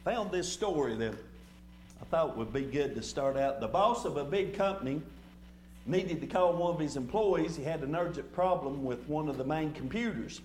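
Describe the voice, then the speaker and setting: A man's voice: a little high, animated, moderate pace, echoey room, slight background noise. A man preaching a sermon in a folksy way, often repeating words and stumbling over fillers as he goes. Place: church sanctuary.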